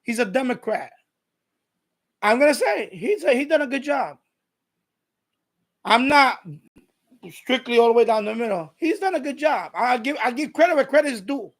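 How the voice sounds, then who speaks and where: Husky, profane New man ranting. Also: very high voice, expressive, moderate pace, pauses often. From New York. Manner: profane, blunt, combative. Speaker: live stream host. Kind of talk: casual ranting monologue.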